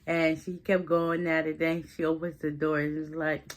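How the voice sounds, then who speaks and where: A woman's voice: on the low side, level tone, brisk. Chatty woman recapping a TV episode. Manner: chatty, loose, heavy with fillers like "like" and "listen". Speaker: recap vlogger.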